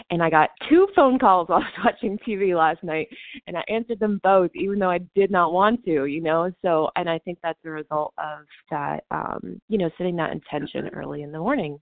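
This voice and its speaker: Woman, low-pitched, casual filler-heavy share, phone-quality audio. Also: normal speed, no echo. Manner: casual, many fillers like "you know" and "like". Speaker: meeting member sharing. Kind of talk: personal recovery share. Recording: tinny phone-like call audio.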